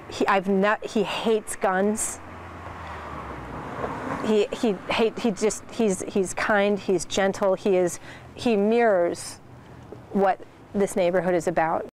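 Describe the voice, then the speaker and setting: A woman interviewed on the news, speaking haltingly with restarts. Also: medium pitch, steady tone, a little hiss or hum. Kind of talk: emotional interview.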